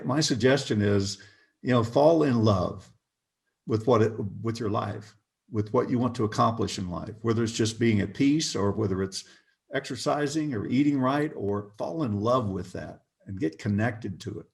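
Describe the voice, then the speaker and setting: Older man telling an animated story. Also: fairly low pitch, gravelly. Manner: animated, chuckling anecdotes. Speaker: guest. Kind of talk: storytelling interview talk.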